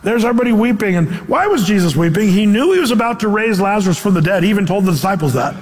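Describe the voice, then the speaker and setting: A male pastor with a high voice delivers a casual, animated sermon. He drops into playful voices when quoting people and laughs along the way. His words trail off into the long echo of a large hall. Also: very fast. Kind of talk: conversational sermon.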